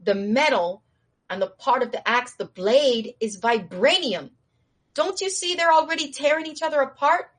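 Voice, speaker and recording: A woman's voice: high-pitched, normal speed, voice pushed up. Woman as a level-headed guardian warrior, patient and down to earth. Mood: earnest. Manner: steady, reasoning, street-casual. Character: calm, wise male warrior guardian.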